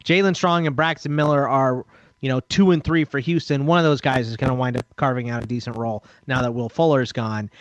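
A man's voice: medium pitch, fairly even intonation, a little fast, dry recording, dull audio. A man co-hosting a casual sports radio podcast, rattling off long lists of names and laughing easily. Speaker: podcast co-host.

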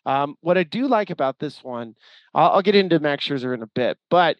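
A man co-hosting a sports podcast, telling animated stories and acting out the quoted exchanges. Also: on the high side, a little fast, dry recording. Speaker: podcast co-host. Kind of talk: casual sports chat. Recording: dry, slightly muffled audio.

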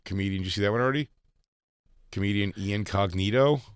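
A man's voice: lowish voice, fast talker, clear, resonant tone, no echo, studio quality. A man co-hosting a casual comedy podcast, joking and reading news items aloud. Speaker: podcast co-host.

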